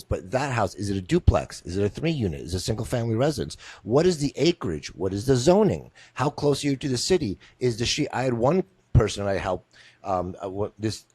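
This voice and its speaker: A man's voice: fairly low pitch, a little mellow, breathy edge, no room sound. A man hosting an interview, talking casually with asides, rhetorical questions and restarts. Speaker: interviewer, podcast host.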